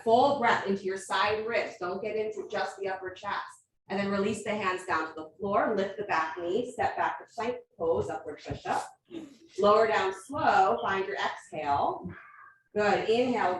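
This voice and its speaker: A woman's voice: mid-range voice, fairly bright tone, slight background noise. Woman cueing a yoga class, echoey room. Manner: brisk cueing with frequent encouragement. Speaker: yoga teacher. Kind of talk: live yoga class instruction. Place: yoga studio. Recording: echoey room, mic far off.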